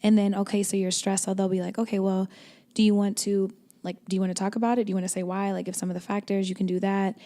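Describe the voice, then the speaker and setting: A woman's voice: mid-range voice, flat delivery, fast talker, mellow. A young woman co-hosting a podcast, chatting casually and acting out little quoted exchanges. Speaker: podcast co-host. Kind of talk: casual chat.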